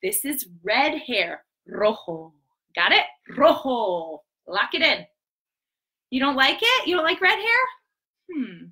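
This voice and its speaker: A woman hosting a live stream for preschoolers, talking in an animated, sing-song way with gasps and quick asides. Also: high-pitched. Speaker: children's entertainer host. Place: home.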